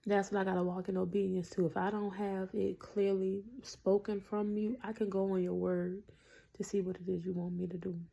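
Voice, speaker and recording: A woman's voice: mid-range voice, level tone, normal speed, vocal fry, dark tone. A woman in a casual, earnest faith talk to camera, preaching to her viewers with lots of fillers. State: tearful at times. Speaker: Christian vlogger.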